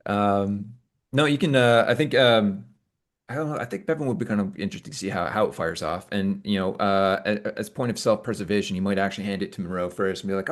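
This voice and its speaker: Chill low-voiced guy describing his character. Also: a little fast. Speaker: player. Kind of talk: casual tabletop play.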